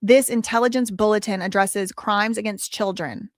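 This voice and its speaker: A woman's voice: mid-range voice, fairly even intonation, moderate pace, no echo, clean studio sound. Chatty woman livestream host. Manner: chatty, reads super chats and documents aloud, exclamatory. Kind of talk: casual livestream commentary.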